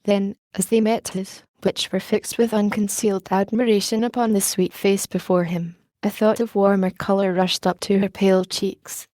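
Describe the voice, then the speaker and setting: A woman reading an audiobook in a measured, even storytelling manner. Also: mid-range voice, dry recording. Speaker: audiobook narrator. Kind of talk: audiobook narration.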